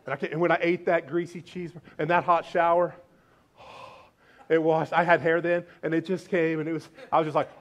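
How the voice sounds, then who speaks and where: A male pastor giving a lively, joking sermon, swinging between loud declarations and hushed asides. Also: on the high side, a little fast, highs cut off. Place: church sanctuary.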